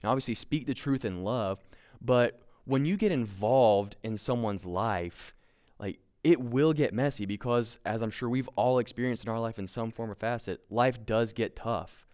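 A man's voice: mid-range voice, normal speed, a little mellow, clear, resonant tone. A young man giving a casual sermon, conversational and self-deprecating, with lots of fillers and restarts. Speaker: preacher.

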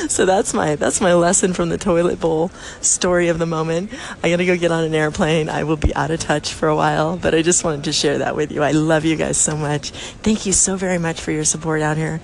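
A woman hosting her own podcast, telling a story in a chatty, expressive way and laughing often, recorded in a busy airport. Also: deep voice, moderate pace, gravelly, a little hiss or hum. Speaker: podcast host. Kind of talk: casual storytelling to listeners.

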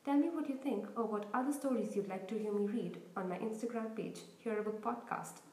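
Woman reading a story, mellow voice. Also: fairly high pitch, brisk, echoey room, a little hiss or hum, rough recording. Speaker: audiobook podcast host. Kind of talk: audiobook narration.

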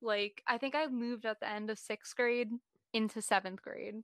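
A woman's voice: fairly high pitch, steady tone, normal speed, clean tone, dry recording, clean studio sound. Woman telling a casual story. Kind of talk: casual chat.

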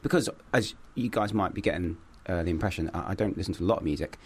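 A man with a low voice talks loosely in a group chat. He rambles, pokes fun at himself and leans on fillers. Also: quick pace, a little mellow, breathy edge. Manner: rambling, self-deprecating, many fillers. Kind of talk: casual chat.

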